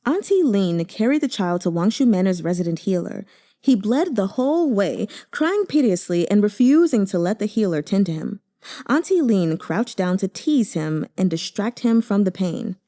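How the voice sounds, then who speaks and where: A woman narrating a novel aloud with expressive, emotive delivery. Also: mid-range voice, moderate pace. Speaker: audiobook reader.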